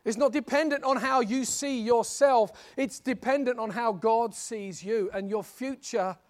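A man preaching a sermon in an animated, conversational storytelling manner. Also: extremely high pitch, a little slow.

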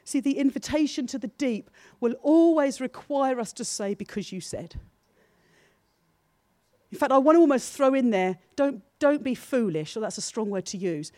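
A woman's voice: sits high, expressive, normal speed, hardly any pauses, no room sound, clean studio sound. A woman preaching a sermon to her church in an earnest, personal way. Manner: earnest, builds from soft confessional to emphatic.

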